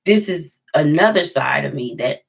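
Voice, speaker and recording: A woman with a gravelly, creaky texture and a somewhat low voice. She tells a personal story to the camera in a casual, emphatic vlogging style and leans on repeated phrases to drive her points home. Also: animated, normal speed.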